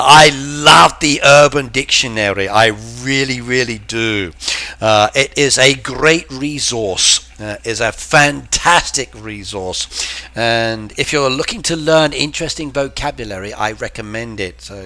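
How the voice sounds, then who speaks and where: A man with an English accent chats unhurriedly with his live-stream viewers. His voice is bright and forward, and he keeps breaking off to explain words and expressions, as a teacher would. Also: mid-range voice, expressive, unhurried. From England. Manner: chatty, explains slang to viewers. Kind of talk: casual live-stream chat.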